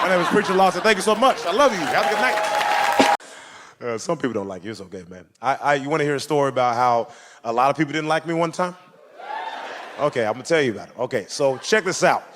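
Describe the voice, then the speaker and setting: A man's voice: fairly high pitch, fast talker. A man doing stand-up, telling a story and acting out the people in it with lots of energy. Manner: animated, acting out characters in the story. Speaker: stand-up comedian. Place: comedy stage before a live audience. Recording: live club set with audience noise. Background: audience laughter and ambience.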